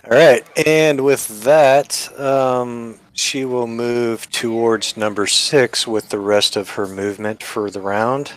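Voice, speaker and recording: A man playing a tabletop game, calmly announcing his moves and counting up his damage. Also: mid-range voice, slow pace, hardly any pauses, no echo. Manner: relaxed, counts dice rolls out loud. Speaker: player. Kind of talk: casual tabletop play.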